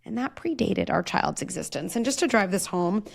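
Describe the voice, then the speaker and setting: A woman's voice: medium pitch, lively intonation, normal speed, creaky. A woman in her forties, a parenting psychologist guest, talking earnestly in an interview and acting out quoted lines. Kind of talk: conversational interview.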